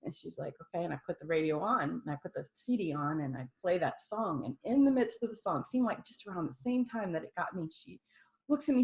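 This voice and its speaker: A middle-aged woman from the United States, a podcast guest telling a personal story in an earnest way, hushed at times and laughing and excited at others. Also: fairly low pitch, fairly quick, vocal fry. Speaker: podcast guest sharing a testimony.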